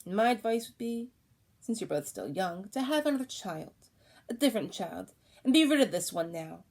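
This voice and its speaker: Woman doing a village midwife, gentle, ominous, storybook. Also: mid-range voice, very animated, moderate pace, vocal fry. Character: sweet-seeming village midwife, grim advice.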